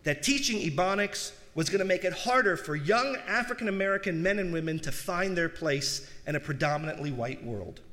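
A man delivering a sermon, asking the congregation rhetorical questions and swinging between soft low asides and raised emphatic peaks. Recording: long hall reverb.

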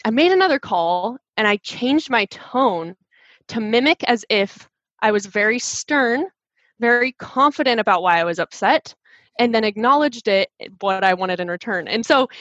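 Animated woman talking shop, dull dry sound. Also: a little high, no echo. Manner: animated, fast, many restarts. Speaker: sales rep guest. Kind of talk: casual interview chat.

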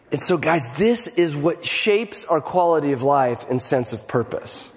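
A middle-aged man gives a conversational sermon with animated energy, often repeating words as he starts his sentences. His voice sits a little high for a man. It carries a long reverb from a large church hall. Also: a little slow, hardly any pauses. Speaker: pastor.

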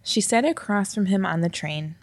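A woman narrating a scripted story in a wry, lightly expressive reading voice. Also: mid-range voice, moderate pace, no echo.

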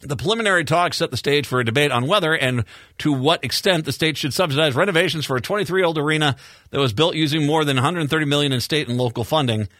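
A man's voice: fairly high pitch, fast talker, fairly bright tone, no room sound, studio quality. A male radio talk show host from Minnesota, chatting casually with rambling repeats and sarcastic asides. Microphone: studio microphone.

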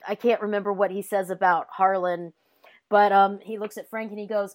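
A woman co-hosting a casual podcast, retelling a film's plot in an animated way and acting out the characters' lines. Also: medium pitch, normal speed. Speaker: podcast co-host. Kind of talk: casual movie recap chat.

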